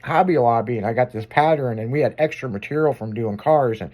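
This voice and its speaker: A shop owner and regular on a talk show tells stories in casual chat, his mid-range voice brisk and a little mellow. He's a rowdy storyteller who curses freely and laughs his way through his anecdotes.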